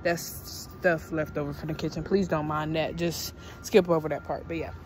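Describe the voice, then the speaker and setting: A young woman vlogging casually to her viewers, chatty and slangy, calling them y'all and switching to high coaxing talk with her dogs. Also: level tone, normal speed, soft background music, low-quality recording. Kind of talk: casual vlog chat to viewers. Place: home and car, partly outdoors.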